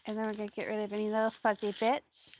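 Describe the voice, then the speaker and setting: A woman's voice: medium pitch, completely flat delivery, fast, heavy background noise. A woman hosting a live crafting stream, chatting loosely with viewers as she works. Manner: chatty and rambling, greets viewers while working. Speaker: craft video host. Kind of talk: casual live crafting chat.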